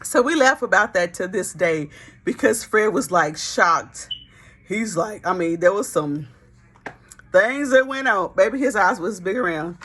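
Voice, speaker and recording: A woman's voice: medium pitch, animated, unhurried, a bit bright, slight background noise. A woman casually telling a Christian testimony story, talking folksy and straight to her listeners. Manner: folksy, talks straight to the audience as "y'all". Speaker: Christian speaker.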